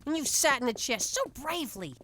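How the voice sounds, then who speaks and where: An actress voicing a doting mother in an animated comedy, sweet and coddling. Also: sits high, a little fast, no room sound, heavily acted. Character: doting mob wife and mother.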